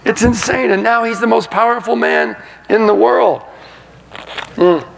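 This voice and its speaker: A man in his sixties, a sportswriter giving a talk, telling funny stories to a live audience in an animated way and laughing as he goes. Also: very high voice, a little slow, gravelly, slight background noise. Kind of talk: humorous storytelling to a live audience. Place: lecture hall. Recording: reverberant hall sound.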